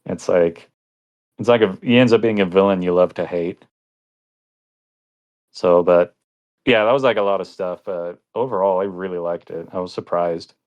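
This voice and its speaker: A young man with a low voice talks through an anime review in loose, casual podcast chat. He rambles, leans on filler words and breaks into laughter often. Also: moderate pace, long pauses, a little mellow, muffled recording. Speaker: podcast co-host.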